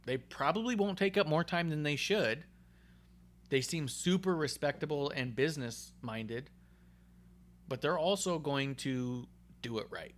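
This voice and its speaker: A man co-hosting a casual wrestling podcast, excitable and swearing freely, acting out quotes as he talks. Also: a little high, measured pace. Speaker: podcast co-host.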